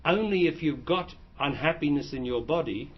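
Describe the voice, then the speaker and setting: A man's voice: a little high, expressive, normal speed, husky. A man who is a spiritual teacher, answering audience questions in a plain, explanatory way and often restarting his phrases. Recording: dull lo-fi recording.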